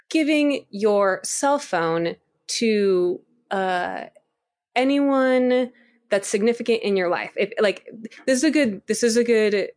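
A woman co-hosting a casual spiritual chat, animated and rambling, often laughing and asking listeners to bear with her. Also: medium pitch.

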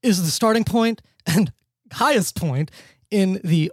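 A man's voice: sits high, expressive, normal speed, dry recording, studio quality. A man hosting a podcast in casual, jokey banter, often breaking into laughter. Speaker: podcast host. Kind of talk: casual comedic music-critique chat.

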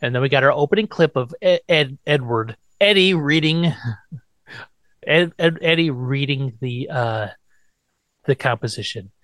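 A man hosts a podcast in casual chat, retelling a TV episode with plenty of swearing and quick playful put-on quotes. His voice sits at an ordinary middle pitch. The sound is dry and close. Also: animated, fairly bright tone, no echo. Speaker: podcast host.

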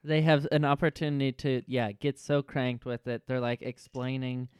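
Deadpan swearing man, smooth voice. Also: mid-range voice, normal speed, no echo, clean studio sound. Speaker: podcast co-host. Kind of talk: casual comedic recap chat.

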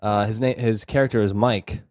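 A lower-voiced man in a casual film-review chat, feeling his way through points with fillers and restarts. The recording is close and dry, with no room sound. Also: steady tone, normal speed, a little mellow, dry recording. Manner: hesitant, many fillers and restarts. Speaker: podcast co-host.

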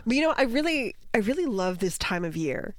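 A woman's voice: on the high side, sing-song, a little fast, dry recording. Female podcast co-host, casual and teasing, playful banter.

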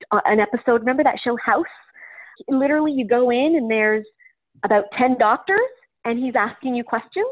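A woman's voice: medium pitch, dry recording. A woman guest in an interview, recounting a personal story in a chatty way with frequent "um" fillers. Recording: tinny phone-line sound, dry.

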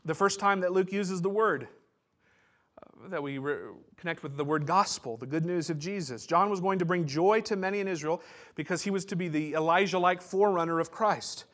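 Pastor guy preaching, chatty teaching style, kinda higher voice. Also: a little fast, a bit bright. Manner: conversational teaching, with restarts and asides. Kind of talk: sermon.

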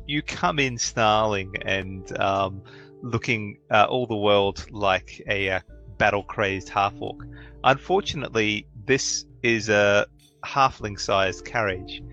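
A man narrating as game master for a tabletop game, relaxed and full of fillers. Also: fairly low pitch, dull audio.

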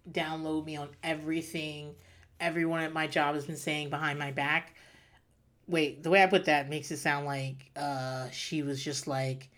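A woman's voice: low voice, fairly bright tone. Profane, rambling woman podcast host. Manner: profane, rambling, self-mocking storytelling. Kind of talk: casual comedic monologue.

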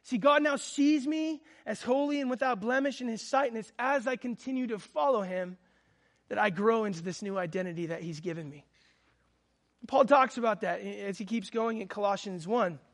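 A man's voice: sits high, moderate pace. A man in his thirties preaching a sermon, telling a personal story with fervent, earnest delivery. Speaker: pastor.

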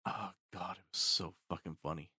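Casting: a profane, excitable male co-host with a bright, dry close-mic sound. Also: sits low, a little fast, husky, no room sound. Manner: profane, excitable, animated retelling. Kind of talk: casual chat about an anime.

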